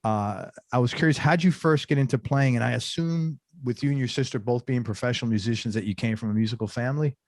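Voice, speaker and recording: A man hosting an interview show, chatty and loose, stopping for asides and restarts. His voice sits in a middle pitch. The sound is dry and close, with no room echo. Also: fast, few pauses. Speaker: podcast host. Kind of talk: casual interview chat.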